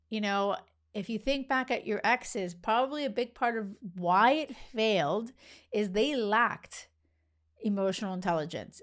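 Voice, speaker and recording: A woman hosting a casual podcast, talking chattily with lots of fillers and the odd laugh, giving dating advice. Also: medium pitch. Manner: animated, lots of "like", laughs often.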